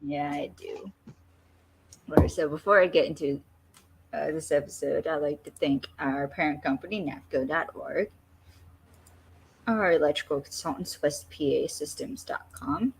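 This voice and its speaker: A woman's voice: low voice, measured pace, creaky, slightly rough. A woman hosting a podcast in loose, jokey casual chat, swearing freely. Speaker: podcast host.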